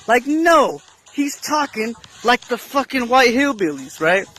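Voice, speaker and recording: A man's voice: high voice, expressive, moderate pace, hardly any pauses, pushed and bright, a little hiss or hum. A man giving casual explanatory commentary, constantly checking in with "right?" as he makes his point. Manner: keeps asking "right?" while explaining. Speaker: video commentator.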